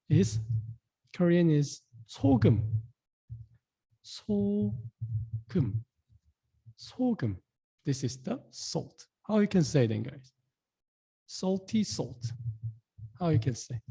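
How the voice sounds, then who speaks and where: Husky, mellow-voiced young male teacher. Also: a little high. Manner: repeats words slowly, keeps asking "guys". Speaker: language teacher. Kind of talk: casual online lesson.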